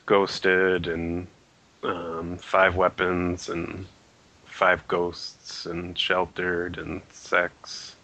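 A man co-hosting a podcast, chatting casually in a relaxed, slightly hesitant way. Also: low voice, extremely slow. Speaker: podcast co-host. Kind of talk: casual chat.

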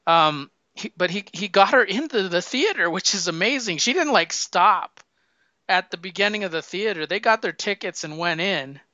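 A man chatting casually about a film, telling the story in an animated way and acting out the lines. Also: high voice, normal speed, no echo. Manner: animated storyteller, acts out quotes. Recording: dull lo-fi sound.

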